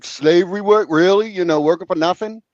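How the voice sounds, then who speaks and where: A man's voice: sits high, fairly quick, darkish tone, no echo, dull audio. A man hosting a casual talk show, telling stories, acting out quotes and swearing freely. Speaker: host. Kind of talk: casual chat and storytelling.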